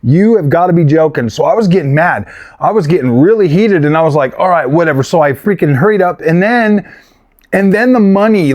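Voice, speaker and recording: A slightly high-voiced man tells a long personal story straight to camera, full of "like" and restarts. He sounds irritated and keeps circling back as he talks. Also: a little mellow. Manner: rambling, frustrated, lots of fillers and restarts. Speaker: gaming and tech YouTuber. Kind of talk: casual storytelling vlog.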